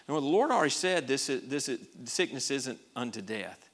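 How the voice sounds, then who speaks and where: A man pastor preaching a sermon, emphatic, often repeating words and swinging from hushed to loud. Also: medium pitch, expressive, a little fast.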